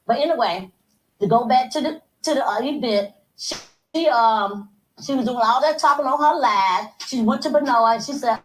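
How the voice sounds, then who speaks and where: A woman's voice: high voice, fairly quick, reverberant, slight background noise, rough recording. A woman heatedly retelling an argument, acting out both sides in quoted lines. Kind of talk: animated storytelling on a livestream.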